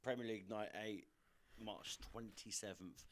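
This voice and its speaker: A young man presenting a darts podcast, chatting casually and quickly going over results and upcoming fixtures. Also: lowish voice. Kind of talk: casual sports podcast chat.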